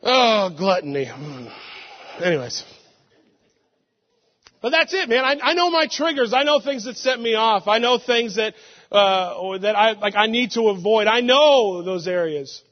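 A young man, a pastor, giving an animated sermon full of laughing stories and sudden loud outbursts. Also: high voice, measured pace. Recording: muffled sound with long hall reverb.

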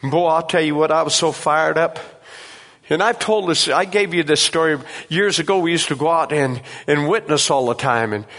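A man preaching a sermon in a church sanctuary, telling personal stories and acting out voices with animated delivery. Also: on the high side, normal speed. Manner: animated storytelling, acts out voices. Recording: long reverb of a hall.

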